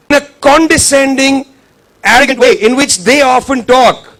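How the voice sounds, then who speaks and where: A man's voice: very high-pitched, normal speed, fairly bright tone. A man giving an impassioned political speech to an audience at a book launch, emphatic and fond of rhetorical repetition. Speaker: guest speaker at a book launch.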